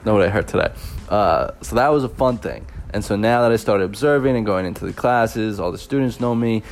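A man's voice: on the low side, fairly quick. A young man hosting a podcast, telling stories from his teaching job in a rambling, laughing way, full of fillers. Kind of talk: casual storytelling podcast.

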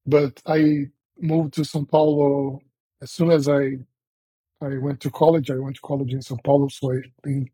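A man in his forties from Brazil with a Brazilian accent, speaking as a guest engineer in a relaxed, easygoing podcast interview. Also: mid-range voice, normal speed, slightly rough, rough recording. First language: Portuguese.

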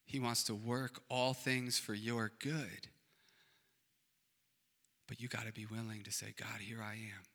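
A male pastor preaching a sermon, swinging between loud emphatic declarations and hushed, quiet passages. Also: mid-range voice, fairly even intonation, takes it slowly, pauses often. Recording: long reverb of a large hall.

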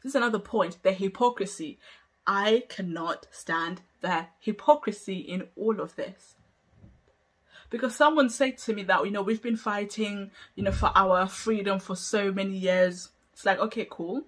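A woman's voice: mid-range voice, normal speed. A woman hosting a solo podcast, making an emphatic, argumentative case with many rhetorical questions and laughing between points. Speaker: podcast host.

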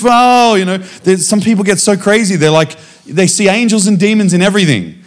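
A man preaching as a guest speaker, telling a personal testimony in a lively storytelling way and acting out the dialogue. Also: sits high, fairly quick. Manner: animated storytelling, acting out dialogue with frequent restarts.

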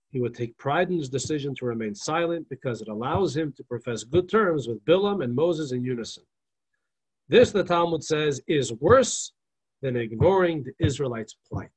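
A man's voice: fairly high pitch, slightly rough. A man teaching a Torah lecture in an emphatic, moralizing way, pressing his points home through repetition. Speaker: religious teacher.

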